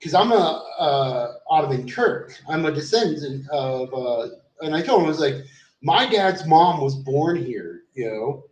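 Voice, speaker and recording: A vlogger with a slightly high, expressive voice talks at a measured pace, spinning a loose, rambling story in casual chat. He swears freely and trails off into fillers. The recording sounds roomy and echoey, with him distant from the mic.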